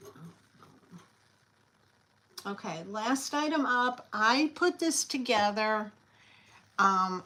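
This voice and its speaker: A woman hosting a live online sale, chatty and scattered, often pausing with fillers as she shows each item. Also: mid-range voice, a bit bright, low-quality recording. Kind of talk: casual live selling chat.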